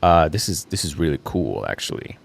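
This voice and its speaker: A man's voice: extremely low pitch, very animated, brisk, vocal fry, breathy edge. A young man hosting a casual solo livestream, thinking aloud in a rambling way with fillers and the odd laugh. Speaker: livestream host.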